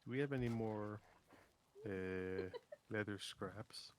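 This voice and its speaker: A man's voice: on the low side, slow, slight background noise. A man chatting casually and thoughtfully with friends while playing a game on stream. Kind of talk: casual chat while gaming.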